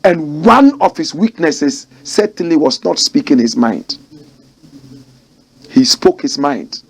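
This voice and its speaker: A man's voice: fairly high pitch, big pitch swings, slow, gravelly, breathy edge. A Ghanaian man giving fiery political commentary, mocking and firing rhetorical questions.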